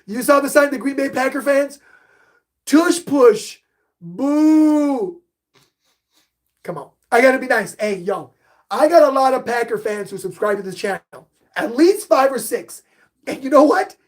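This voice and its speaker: Excitable man hosting a live sports stream. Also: very high-pitched, normal speed. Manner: animated, hypes himself up, reads chat questions aloud. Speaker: podcast host reading live chat.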